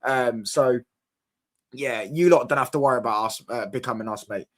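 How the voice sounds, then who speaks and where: A young man hosting a casual football live stream, talking in an animated way to his chat, full of fan slang and repeated "do you get what I'm saying". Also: mid-range voice, moderate pace.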